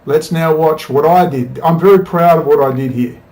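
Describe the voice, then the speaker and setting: A man's voice: fairly high pitch, moderate pace, a little mellow, slight background noise. A man giving a combative, profane monologue to camera, firing off rhetorical questions as a political commentator. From Australia.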